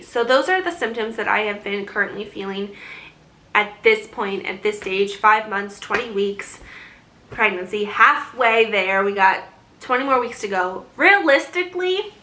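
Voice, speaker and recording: Her voice sits at medium pitch with a bright, forceful tone as this young woman chats through a casual pregnancy update vlog. She laughs a lot, wanders from point to point, and runs short of breath as she goes.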